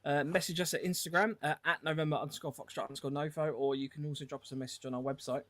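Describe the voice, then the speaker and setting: A man with a fairly high voice, hosting a casual podcast and reading listener messages. He rambles loosely and fills gaps with um and uh. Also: rapid-fire. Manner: relaxed, rambling, with frequent ums. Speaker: podcast host.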